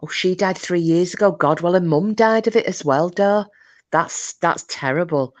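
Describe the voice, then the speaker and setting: Woman on a stream, deep-ish voice, rambling chat with her viewers. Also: normal speed, darkish tone. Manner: chatty, rambling, chuckling asides. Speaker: livestream host. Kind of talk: casual chat reading viewer comments.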